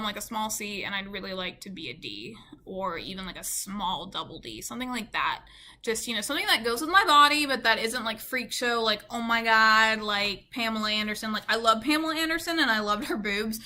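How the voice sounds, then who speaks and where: A woman with a Southern US accent tells a casual story straight to her viewers. Her voice sits a little high and sounds bright and sharp. She rambles in an easy way, peppering every sentence with "like" and "you know.". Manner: chatty, full of "like" and "you know". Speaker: beauty vlogger. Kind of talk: casual storytime chat to camera.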